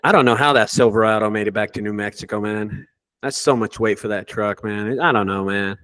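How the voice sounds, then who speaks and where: A man who owns a junk removal business, telling animated, profane stories in a casual group chat. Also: on the low side, brisk.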